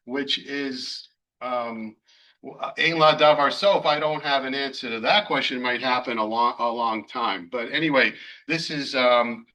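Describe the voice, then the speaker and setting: A man teaching a Torah class as a rabbi, chatting with students and pausing often with fillers. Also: medium pitch, sharp tone, rough recording. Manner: conversational, hesitant fillers, takes questions from students.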